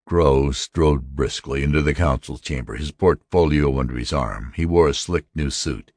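A man reading a story aloud as narrator, measured and steady. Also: very deep voice, no room sound, clean studio sound. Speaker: audiobook narrator. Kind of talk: scripted narration.

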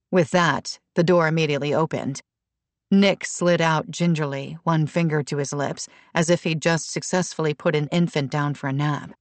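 Low-voiced woman narrating a novel. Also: fairly even intonation, moderate pace, darkish tone, dry recording. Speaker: audiobook narrator. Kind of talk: scripted narration.

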